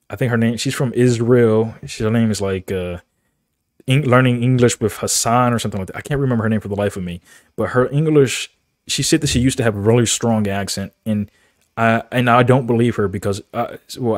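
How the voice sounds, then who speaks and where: Casual male vlogger, low voice, rambling delivery, dry close sound. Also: a little mellow, no room sound. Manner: rambling, many fillers and restarts. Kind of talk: casual talk to camera.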